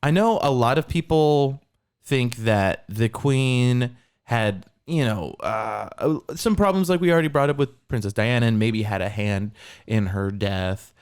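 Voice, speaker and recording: A man's voice: mid-range voice, lively intonation, measured pace, clear, resonant tone. A man co-hosting a comedy podcast, riffing along in a dry, mock-earnest tone. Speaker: podcast co-host. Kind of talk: casual comedic banter.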